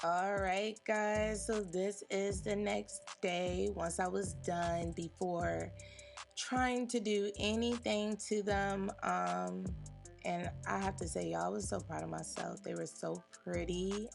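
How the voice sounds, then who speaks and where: A woman's voice: mid-range voice, steady tone, takes it slowly, creaky, faint music behind. A young woman filming a hair vlog at home, talking chattily and expressively straight to her viewers. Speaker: hair tutorial vlogger. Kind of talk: chatty self-filmed vlog. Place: at home, indoors.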